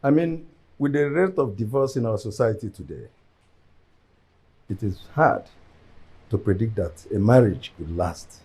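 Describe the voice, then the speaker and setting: A Nigerian actor as a raspy, proud rich father. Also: on the low side, lively intonation, warm tone. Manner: measured, speechmaking. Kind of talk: film drama acting.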